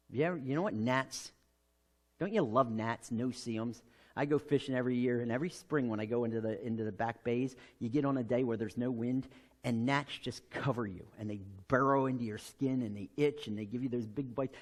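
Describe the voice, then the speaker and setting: An American man preaching a sermon as pastor, telling the story with lively acted-out quotes. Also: mid-range voice, moderate pace. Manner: animated storytelling, acting out quotes.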